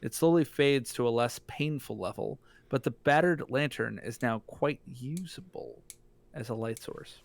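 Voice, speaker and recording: Gravelly man reading out game text. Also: medium pitch, unhurried. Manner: reads game text aloud, jokey rants. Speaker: streamer playing a text adventure. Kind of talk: casual co-op gaming chat.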